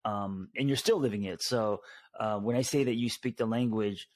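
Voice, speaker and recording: A man's voice: on the low side, normal speed, dry recording. A man hosting a podcast as a therapist, talking casually with many fillers and restarts. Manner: relaxed, hesitant with many fillers. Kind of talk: casual conversational interview.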